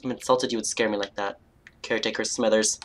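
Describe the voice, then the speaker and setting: A woman's voice: very deep voice, fairly even intonation, quick pace, a little hiss or hum. A young woman with a Canadian accent giving playful, chatty commentary while playing a game and reading quest text aloud. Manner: playful and chatty, mock outrage, jokey asides. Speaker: let's play host.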